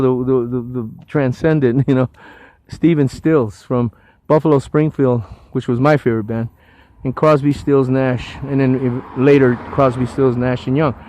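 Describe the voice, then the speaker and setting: A man's voice: medium pitch, darkish tone, dry recording, low-quality recording. Rambling older man on a roadside walk. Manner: rambling, enthusiastic, stumbling restarts. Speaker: volunteer roadside litter cleaner. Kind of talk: casual walking tour to camera. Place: outdoors on a hillside road.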